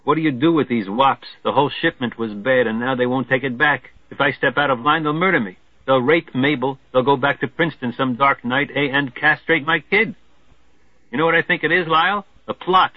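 A man's voice: mid-range voice, brisk, no echo, close to an everyday voice. A man voicing a fretful, worried middle-aged businessman who moans anxiously, in a storybook reading. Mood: anxious moaning. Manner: moaning, anxious. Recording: tinny dry lo-fi phone-like sound.

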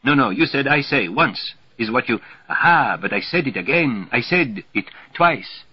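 A man voicing a bullying, mocking grown man who shouts and taunts, his voice pushed up higher and louder. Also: lively intonation, moderate pace, slightly rough, no room sound. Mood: taunting. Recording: dull lo-fi recording.

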